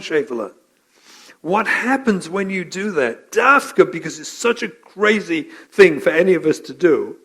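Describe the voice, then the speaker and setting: A middle-aged man with a somewhat raised pitch delivers a training lecture as a rabbi. He tells stories with energy, acting out the people he quotes and mixing in Yiddish and Hebrew words. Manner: animated storytelling, acts out quotes, mixes Yiddish and Hebrew terms. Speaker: rabbi and parenting educator.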